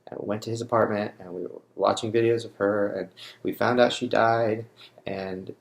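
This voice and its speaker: A young man speaks straight to camera in a personal vlog, shaken by grief. His voice sits low with a gravelly fry, and his sentences break off and restart. The sound bounces around a roomy space. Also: fairly even intonation. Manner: grieving, halting, restarts often. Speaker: vlogger.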